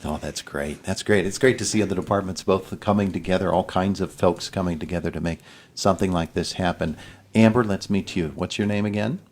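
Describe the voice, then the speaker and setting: A man's voice: sits low, fairly quick, a little mellow. A man hosting a morning radio interview in a studio, chatty and encouraging, with folksy asides. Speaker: radio morning show host. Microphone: studio microphone.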